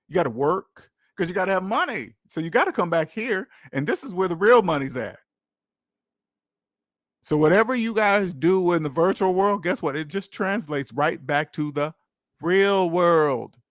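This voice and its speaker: A man hosts a call-in podcast offering money advice, speaking casually but bluntly and preaching directly at his listeners. His voice is high-pitched and a bit bright, with lively intonation at a normal pace. The studio-quality audio has no echo.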